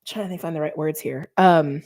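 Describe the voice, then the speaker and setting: A woman's voice: sits low, fairly even intonation, moderate pace, a little mellow. A middle-aged woman giving a casual tarot reading, chatty and thinking aloud with many fillers. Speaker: tarot reader.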